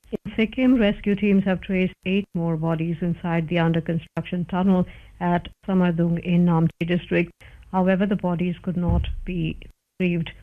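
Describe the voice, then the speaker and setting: A newsreader reads a scripted bulletin in a measured, formal manner. The voice sits at a middle pitch. It comes through a narrow, boxy radio broadcast with the lows and highs cut away. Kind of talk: scripted news bulletin reading.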